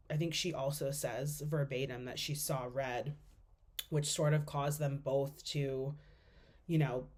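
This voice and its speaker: A woman's voice: deep voice, darkish tone. A young woman giving a class presentation as a student, speaking casually with lots of fillers as she thinks aloud.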